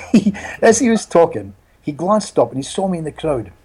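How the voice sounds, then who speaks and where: A man speaking as a hypnotherapist guest in a casual interview, an animated storyteller who laughs often and repeats his words. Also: fairly high pitch, normal speed, slightly rough.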